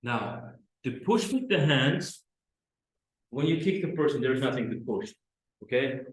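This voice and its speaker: A man, teaching self-defense drills to camera in slow, halting instruction. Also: mid-range voice, lively intonation. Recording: very echoey training room.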